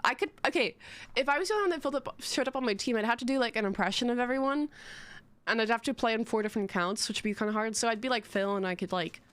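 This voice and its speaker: Giggly young woman streamer, a little high-pitched. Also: fast talker, a bit bright, no room sound. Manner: rambling, giggly, self-mocking banter. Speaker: live streamer. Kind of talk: casual live-stream chat.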